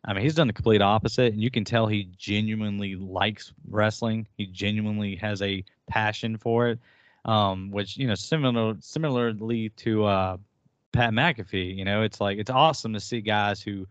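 A low-voiced man talks in a relaxed way, thinking out loud as he goes. The sound is dry and close, with a dull, lo-fi tone. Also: normal speed, no room sound. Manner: relaxed, thinks aloud with fillers. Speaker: podcast co-host. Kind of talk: casual chat.

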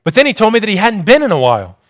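A young man delivering a sermon, reading in a measured, explanatory way. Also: high voice, huge pitch swings, fairly bright tone. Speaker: preacher.

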